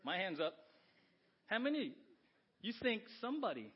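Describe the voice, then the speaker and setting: Husky-voiced man preaching a lively sermon. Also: sits high, moderate pace, muffled recording. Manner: lively, conversational preaching with frequent rhetorical questions. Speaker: pastor. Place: church.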